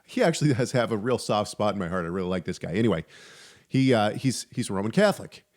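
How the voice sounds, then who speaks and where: A man's voice: on the low side, expressive, fast talker, a little mellow. A man hosting a podcast, discussing theology casually with frequent restarts and wry humor. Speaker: podcast host.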